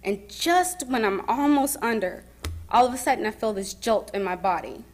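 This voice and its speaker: A young woman speaking at a summit and telling her own story in an emotional testimony, softly, with pauses and restarts. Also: fairly high pitch, animated. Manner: soft-spoken and emotional, pausing and restarting. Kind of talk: personal testimony speech. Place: summit event.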